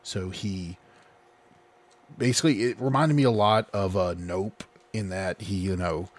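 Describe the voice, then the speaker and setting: Deep-voiced man in casual chat. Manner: rambling, halting storyteller. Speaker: podcast co-host.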